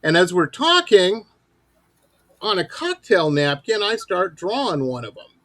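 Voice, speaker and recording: Man, middle-aged, animated storyteller, slightly high voice, dry close sound. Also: unhurried, no room sound. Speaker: host. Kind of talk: casual storytelling.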